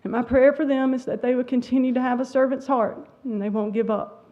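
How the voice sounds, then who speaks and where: In a church sanctuary, a middle-aged woman teacher speaks at a school awards service, emotional and holding back tears. She talks briskly in a voice that sits high, with fairly even intonation. The recording is dull and lo-fi.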